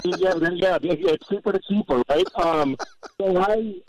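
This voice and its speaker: A man's voice: sits high, normal speed, darkish tone, no room sound, poor audio. A man from Southern California talking as a guest on a sports radio show, rambling and joking with exaggerated stories and stammered restarts. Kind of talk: casual sports radio banter.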